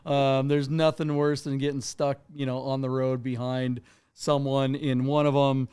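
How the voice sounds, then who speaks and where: A man's voice: medium pitch, flat delivery, a little slow, darkish tone, smooth. A man co-hosting a live car auction stream, talking casually with blunt, sarcastic remarks and lots of fillers.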